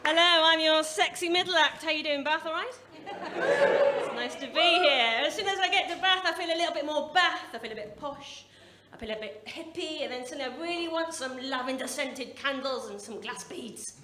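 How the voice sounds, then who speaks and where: A woman's voice: high-pitched, lively intonation, moderate pace, heavy background noise. A woman, performing a chatty, wry and sweary stand-up set. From English Midlands. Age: 40s. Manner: chatty, wry and sweary, with self-deprecating asides. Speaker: stand-up comedian. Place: comedy club stage. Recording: echoey club with a laughing crowd.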